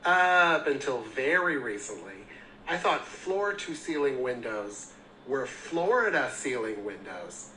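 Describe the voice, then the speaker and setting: Brief: male storyteller, bright tense tone, animated exasperation, faint background noise. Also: mid-range voice, slow pace, poor audio. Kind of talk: storytelling clip.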